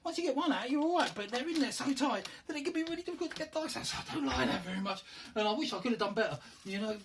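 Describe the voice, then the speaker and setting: A man's voice: very high-pitched, expressive, rapid-fire, noisy background. A man rambling casually as he shows off a handmade box for a board game, thinking aloud and poking fun at himself. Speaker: hobbyist showing his handmade game box. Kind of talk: casual show-and-tell chat.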